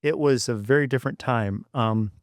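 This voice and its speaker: A man's voice: mid-range voice, moderate pace, no echo, studio quality. A man in his sixties from Michigan, a podcast guest rambling through memories of his childhood with many asides. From Michigan, United States. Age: 60s. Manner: rambling, many fillers and restarts. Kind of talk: reflective storytelling.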